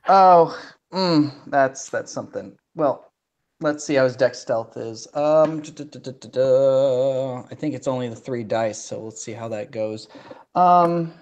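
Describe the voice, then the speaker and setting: A woman in a casual tabletop game session as a player, talking hesitantly with fillers and soft laughs. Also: extremely low pitch, unhurried.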